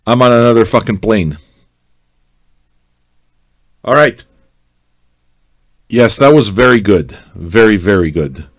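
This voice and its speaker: A man's voice: lowish voice, slow pace, pauses often. A man hosting an independent radio show as DJ, chatting casually between records in a loose, profane, rambling way. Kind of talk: casual on-air chat.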